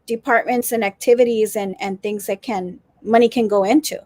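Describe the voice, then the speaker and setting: A woman's voice: medium pitch, steady tone, normal speed, mellow, dry recording. A woman co-hosting a casual teachers' talk stream, chatty, often reading out viewer comments. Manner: chatty, reads comments aloud. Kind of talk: casual chat.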